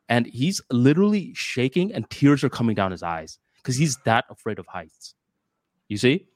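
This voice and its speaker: A man co-hosting a casual podcast, telling a story in an animated way. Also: mid-range voice, moderate pace, dry recording. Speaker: podcast co-host.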